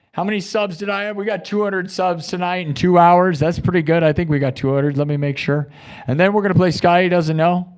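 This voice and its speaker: Hosting a live music stream, a young man with a slightly high voice rants at and mocks his chat, lurching between shouting and muttering.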